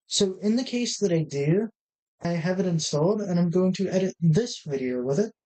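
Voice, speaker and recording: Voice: mid-range voice, animated, normal speed, warm tone, rough recording. A let's-play host giving casual gameplay commentary, rambling and thinking aloud with many restarts while talking straight to the viewers.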